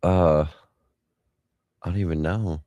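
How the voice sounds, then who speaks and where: A man's voice: low-pitched, steady tone, slow, dark tone, dry recording, dull audio. A man co-hosting a podcast in laid-back casual chat, answering with short replies. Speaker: podcast co-host.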